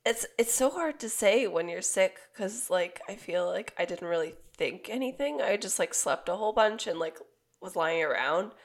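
A young woman co-hosting a podcast, hoarse and raspy from being sick, telling a rambling story with laughs. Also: medium pitch, lively intonation, moderate pace. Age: young adult. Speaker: podcast co-host. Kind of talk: casual chat.

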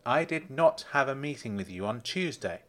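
A man's voice: medium pitch, expressive, moderate pace, fairly bright tone, natural voice. A man voicing a firm, insistent wealthy businessman in a storybook reading. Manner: blunt and insistent.

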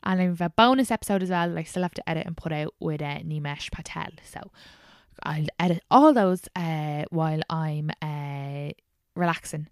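A woman's voice: deep voice, normal speed, clean tone, no room sound, studio quality. Frank, giggly woman podcast host. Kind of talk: casual podcast chat.

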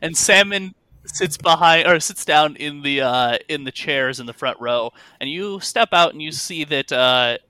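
A man's voice: fairly high pitch, expressive, measured pace, bright, forceful tone, clean tone, no echo. A man narrating as game master in a tabletop game, loose and full of fillers and restarts.

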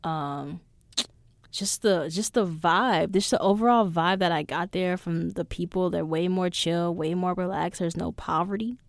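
A young adult woman hosting a podcast, telling stories in a casual monologue that is animated and full of swearing. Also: on the low side, unhurried, creaky, no echo, clean studio sound. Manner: profane, animated storyteller. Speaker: podcast host.

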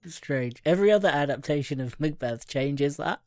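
A man's voice: on the high side, expressive, a little fast, a little mellow, no room sound. A man co-hosting a podcast in casual chat, with laid-back dry humour. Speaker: podcast co-host.

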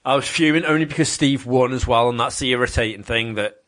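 A man chatting casually as a podcast co-host. His voice sits in an ordinary middle pitch. He rambles with fillers and restarts. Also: fast talker, a bit bright. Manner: chatty, many ums and restarts. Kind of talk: casual chat about video games.

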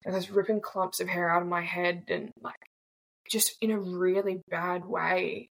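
An Australian woman in her twenties, appearing as a guest, tells her personal story bluntly and casually, swearing freely. Her gravelly voice sits on the low side, with flat delivery at a moderate pace, on a rough recording.

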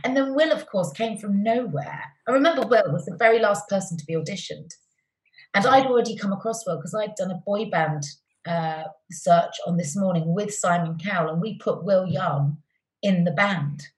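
A middle-aged woman, a TV presenter as interview guest, telling stories warmly and effusively with many restarts. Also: mid-range voice, moderate pace. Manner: warm, effusive storytelling with restarts. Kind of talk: conversational interview. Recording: roomy echoey sound.

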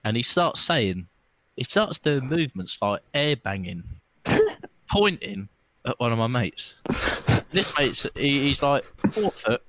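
A man's voice: slow pace, no echo. A young man telling a rambling, laughing pub-style story among friends. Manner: rambling, laughing, slangy, lively swings in pitch. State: drinking. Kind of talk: casual chat, storytelling.

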